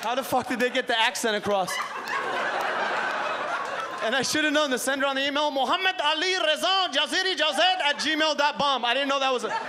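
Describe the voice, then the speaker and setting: A man from Iran doing live stand-up comedy as host, energetic, profane and teasing the crowd. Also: high voice. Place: comedy club stage. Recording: noisy club with crowd laughter.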